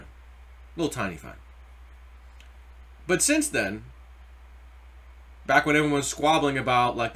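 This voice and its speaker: A man's voice: medium pitch, pushed and bright. A middle-aged man giving casual, rambling crypto market commentary with anecdotes and spiritual asides. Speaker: crypto YouTuber.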